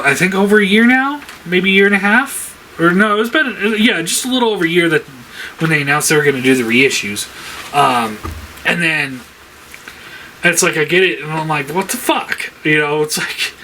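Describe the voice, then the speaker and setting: A man vents in a casual vlog, rambling through fillers and dropping frequent curses as his frustration builds. His voice sits a bit high and sounds bright, with a faint hiss in the background. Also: expressive, moderate pace. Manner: frustrated, swears a lot, rambling with many fillers. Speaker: toy collector vlogger. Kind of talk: casual ranting monologue.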